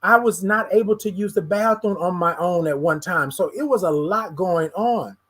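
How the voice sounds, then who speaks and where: Husky host talking straight to listeners. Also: medium pitch, moderate pace, a bit bright. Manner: speaks straight to listeners, calling them y'all, with many stuttered repeats. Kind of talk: candid personal monologue.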